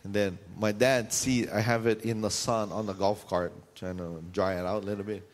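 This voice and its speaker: A man preaching a sermon, telling lively stories and calling for amens. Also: lowish voice, normal speed. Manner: lively storytelling with call-and-response. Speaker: pastor. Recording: reverberant hall sound.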